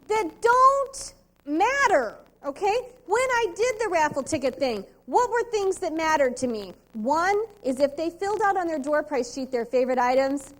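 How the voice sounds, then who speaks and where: A woman giving a motivational sales training talk, emphatic and quizzing the audience with rhetorical questions. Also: high voice. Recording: 2002 VHS convention tape.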